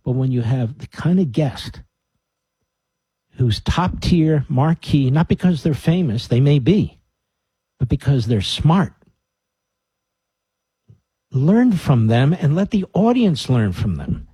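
A radio host, a man, talks straight to his listeners in an emphatic, animated monologue full of mocking asides. His voice is dark and a bit husky, and it sounds dry and close, as if he sits right at the studio mic. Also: fairly high pitch, slow, pauses often, no echo. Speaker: radio talk show host.

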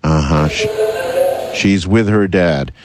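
A man's voice: sits low, slow pace, loud music behind the voice. A man hosting a radio interview, asking wry, skeptical questions with many hesitations. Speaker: radio host.

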